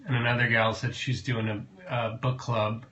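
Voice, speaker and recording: A woman's voice: extremely low pitch, little pitch movement, moderate pace, fairly bright tone. A woman reading viewer comments aloud in a plain, matter-of-fact way.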